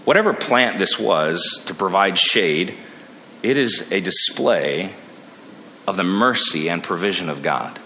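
A man preaching a sermon, animated, acting out the characters he quotes. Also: deep voice, a little slow, a little hiss or hum. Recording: long reverb of a large hall.

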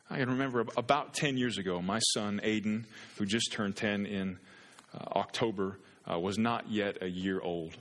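A man's voice: lowish voice, fairly even intonation, normal speed, fairly bright tone. A man in his thirties preaching a sermon as a pastor, earnest and building to impassioned pleading. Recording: long reverb of a large hall.

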